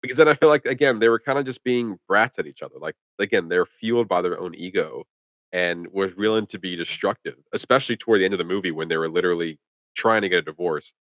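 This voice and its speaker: A man co-hosts a casual movie-review chat, talking quickly and piling up "like" as he goes. His voice sits on the low side, and the recording is dry and close with no room sound. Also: a bit bright, dry recording. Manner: rambling, filler-heavy with lots of "like". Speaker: podcast co-host.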